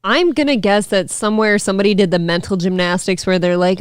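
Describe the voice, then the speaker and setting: A woman's voice: medium pitch, steady tone, fast, few pauses, clean tone, dry recording. A female radio co-host in casual comedic talk, trading dry quips.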